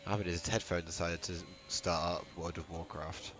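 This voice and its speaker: Very deep British male co-commentator, loose and jokey, rambling delivery. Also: steady tone, normal speed. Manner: joking, swears, trails off with ums. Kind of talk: casual race commentary.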